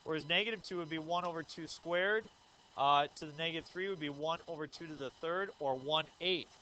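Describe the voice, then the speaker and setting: A man in his thirties teaches a math lesson in a slightly high, very bright voice. He works through each step and keeps asking the class questions, with frequent 'uh' and 'um'. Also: a little fast, slight background noise, rough recording. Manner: says 'uh' and 'um' often. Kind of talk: recorded math lecture.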